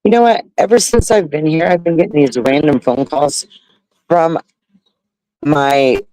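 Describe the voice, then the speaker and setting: This older man from the U.S. hosts a warm, rambling livestream outside at a beach resort, laughing frequently and addressing "y'all" in an unhurried, fairly high, warm voice. It's recorded on a phone, low in quality, with no room sound.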